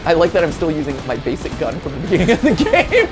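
A man hosting a casual let's-play, excitable and joking, shouting at the game as he plays. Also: a little high, brisk, pauses often. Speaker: host. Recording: game music behind.

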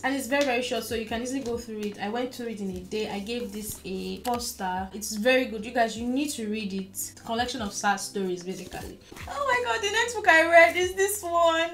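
A young woman chatting casually about books she has read, gushing and repeating words for emphasis. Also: fairly high pitch. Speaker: book reviewer. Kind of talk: casual book review chat.

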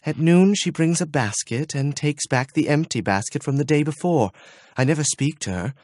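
A shy, wistful young princess, as a male narrator puts her on, soft and a little husky, half-whispering her fears. Her voice sits noticeably higher than the reader's own, in a dry, close audiobook recording. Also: animated, normal speed, no echo. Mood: earnest.

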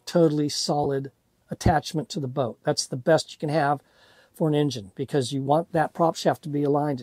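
A man's voice: a little high, warm tone, no echo. A man telling a rambling, self-deprecating story about his first boat, full of fillers and restarts. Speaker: sailing vlogger. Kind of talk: casual storytelling.

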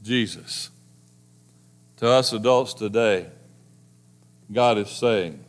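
A male pastor preaching a sermon, speaking emphatically and straight to the congregation, moving between loud stresses and hushed, slowed passages. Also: fairly low pitch. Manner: emphatic, addresses the congregation directly.

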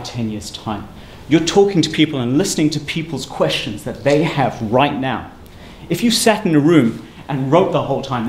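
A man giving a university seminar talk, brisk and emphatic in a conversational lecturing manner. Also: medium pitch. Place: lecture room. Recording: echoey room with faint ambient noise.

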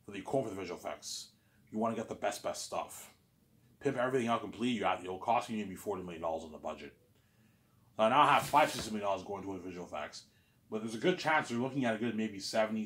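A man rambling through a solo monologue, listing things and saying "obviously" again and again. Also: fairly low pitch. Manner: repeats "obviously", lists things, plays both sides of a talk. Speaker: vlogger. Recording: echoey room.

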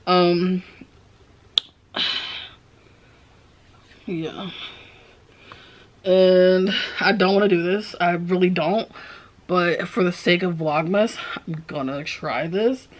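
A woman's voice: lowish voice, fairly even intonation, takes it slowly, long pauses. A woman vlogging casually to camera, dramatic and squeamish in manner. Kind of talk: casual vlog chat to camera.

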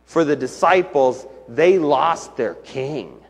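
A man's voice: a little high, expressive, slow pace, creaky, breathy edge. A man preaching a sermon as pastor, earnest and building to emphatic questions. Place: church sanctuary. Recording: long church hall reverb.

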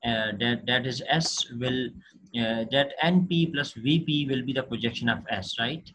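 A man giving a recorded linguistics lecture, talking haltingly with many fillers and restarts. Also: mid-range voice, a bit bright, rough recording.

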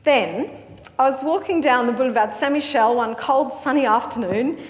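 An Australian woman narrates a personal story in a wry, amused manner, her voice bright and high-pitched. A long reverb tail lingers after her words, like a large hall. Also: normal speed. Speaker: flautist narrator.

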